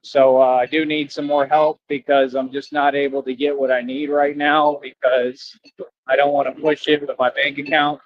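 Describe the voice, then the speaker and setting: A man's voice: medium pitch, little pitch movement, moderate pace, dry recording. A man livestreaming outdoors near traffic, rambling and preachy, repeating himself as he asks viewers for donations. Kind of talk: casual rambling livestream talk. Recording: dull lo-fi stream audio.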